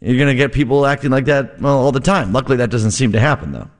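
A man's voice: mid-range voice, fast. A man filling in as a radio host, chatting casually and prompting his guest. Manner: friendly, conversational, prompting the guest.

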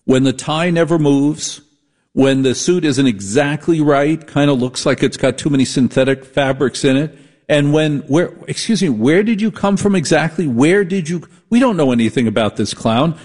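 A man's voice: a little high, normal speed, darkish tone. A man from the Northeastern United States hosting a late-night radio call-in show, brash, sarcastic and combative. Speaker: radio talk show host.

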